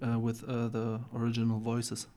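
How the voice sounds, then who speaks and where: Flat-voiced man. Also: mid-range voice, moderate pace, slight background noise. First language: German. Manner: relaxed, hesitant, many fillers and soft laughs. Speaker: guest, English learner. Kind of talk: casual interview.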